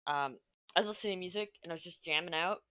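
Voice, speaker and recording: A crafting vlogger in her thirties from Texas, this woman has a lowish, bright voice with a forceful tone and talks at a racing pace. Her accent mixes Texan and New York, and she chats casually while crafting, rambling and swearing offhandedly. She's on a desk mic with slight background noise.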